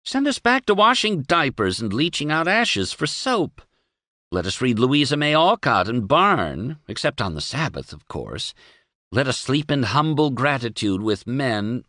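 A man's voice: mid-range voice, very animated, normal speed, fairly bright tone, dry recording, clean studio sound, voice pushed up. A man voicing a fierce, defiant young woman who snarls with scorn. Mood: scornful.

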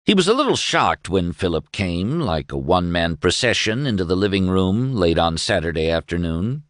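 A man narrates an audiobook in a measured, wry storytelling manner. His voice is very low, with a lively, expressive rise and fall in pitch. The sound is close and dry, like a studio read. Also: no echo.

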